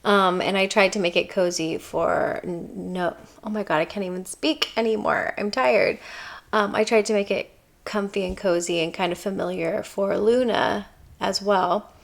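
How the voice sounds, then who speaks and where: A young woman vlogging from her apartment, talking softly and haltingly, tearful and reflective, with many pauses. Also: medium pitch, fairly even intonation, vocal fry. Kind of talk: emotional personal vlog. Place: apartment bedroom, indoors.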